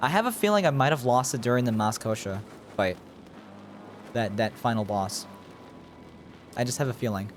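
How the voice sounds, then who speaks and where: A man's voice: mid-range voice, normal speed, pauses often, slight background noise. A man streaming a video game, thinking aloud in casual commentary and chatting with his viewers. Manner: rambling, thinking aloud while playing; chats with viewers.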